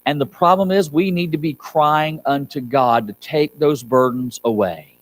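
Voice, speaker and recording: A man's voice: fairly high pitch, unhurried, dry recording, poor audio. A man preaching a sermon as pastor, pleading with the congregation and rising to urgent appeals. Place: church sanctuary.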